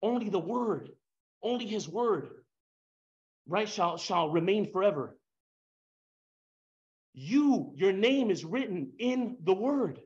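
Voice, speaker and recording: Impassioned high-voiced man preaching. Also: lively intonation, slow, pauses often, dull audio. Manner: impassioned, swings between soft and loud, rhetorical questions, casual slang. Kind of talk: sermon.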